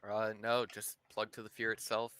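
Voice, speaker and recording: Bright-voiced, joking low man. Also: completely flat delivery, moderate pace, clear, resonant tone, no echo. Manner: joking, offhand. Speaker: player. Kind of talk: casual chat.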